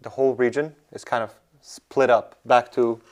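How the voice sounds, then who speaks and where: A man who is a guest in a casual interview, agreeing readily and explaining things calmly. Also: medium pitch, normal speed.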